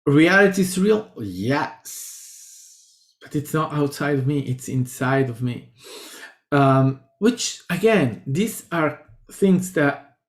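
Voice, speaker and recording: A man with an Italian accent, a spiritual teacher giving a halting, reflective casual monologue full of restarts. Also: on the high side. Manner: halting, many restarts and fillers. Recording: roomy echo.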